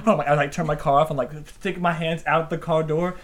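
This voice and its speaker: A man's voice: a little high, quick pace. A man, a podcast co-host telling a story in casual chat and acting out the people in it. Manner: animated storyteller, acts out voices.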